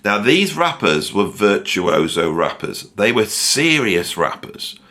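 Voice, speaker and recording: A man's voice: lowish voice, big pitch swings, takes it slowly, pushed and bright. A middle-aged man gives casual, opinionated commentary in a rambling way full of asides. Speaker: music commentator. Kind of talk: casual ranked-list commentary.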